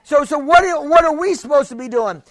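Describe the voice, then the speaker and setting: A male pastor preaching with a strikingly high voice. He hammers points home with repetition and calls for an amen. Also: fairly quick. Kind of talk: sermon.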